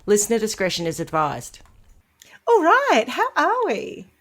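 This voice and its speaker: A woman's voice: on the high side, huge pitch swings, a little slow, a bit bright. A woman hosting a casual podcast chat, recovering from an illness, talking easily and laughing often from a home room padded with bedding. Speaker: podcast host. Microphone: home podcast mic.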